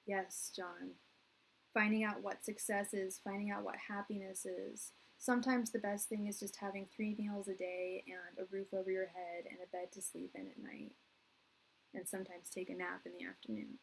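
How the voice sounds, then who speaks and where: A woman's voice: mid-range voice, level tone, normal speed, gravelly, a little hiss or hum, low-quality recording. A woman in her thirties giving a live tarot reading, rambling and earnest, full of restarts and "like", at times teary. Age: 30s. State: tearing up. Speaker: tarot reader.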